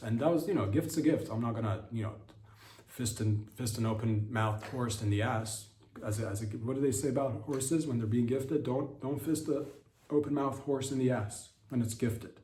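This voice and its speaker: A man hosts a podcast with a rambling, profane comedic monologue, his middle-pitched voice swinging into excited high squeaks during asides. The sound is roomy and echoey, as if recorded in an open space. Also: moderate pace, slight background noise. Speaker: podcast host.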